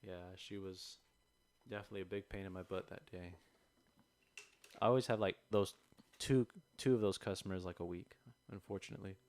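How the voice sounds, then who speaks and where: A young man co-hosts a casual podcast, animatedly telling a story and acting out the customers in it. His voice sits low, his pace is brisk with long pauses, and he's on a close podcast mic with no room sound.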